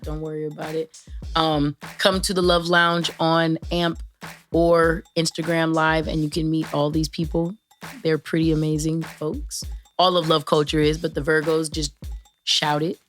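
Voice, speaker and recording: A woman hosting her own show, chatting to listeners in a playful, rambling way with fillers and shout-outs. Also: lowish voice. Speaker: podcast host. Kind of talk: casual solo chat to listeners.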